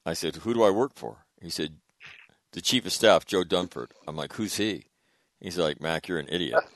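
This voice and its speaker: A man's voice: low-pitched, normal speed, fairly bright tone, dry recording. A former Marine officer, a man, telling an easygoing service story in casual conversation. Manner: easygoing, laughs while telling stories.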